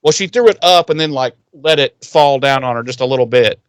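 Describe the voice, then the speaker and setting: On a podcast he co-hosts, a man casually recaps a TV episode, swearing constantly and quoting the characters' lines. His medium-pitched voice is smooth and a little fast, with no room sound. The retelling is profane and animated.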